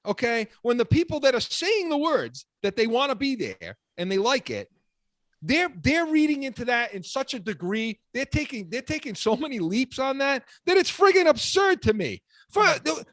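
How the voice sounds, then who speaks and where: High-voiced fired-up sports radio host man. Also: a bit bright, dry recording. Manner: fired-up, ranting, repeats words when worked up. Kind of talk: heated sports talk.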